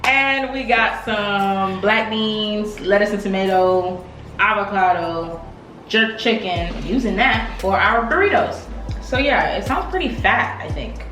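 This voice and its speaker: A woman's voice: mid-range voice, lively intonation, a little slow, a bit bright. A young woman co-hosting a casual eating vlog, chatting in a laid-back, playful way. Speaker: vlog co-host. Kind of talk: casual mukbang chat. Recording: roomy sound with background music.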